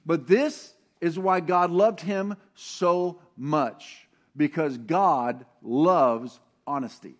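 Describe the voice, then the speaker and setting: A middle-aged man preaching a sermon with animated swings from loud emphasis to hushed, intimate tones. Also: a little high, extremely slow, few pauses. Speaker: pastor.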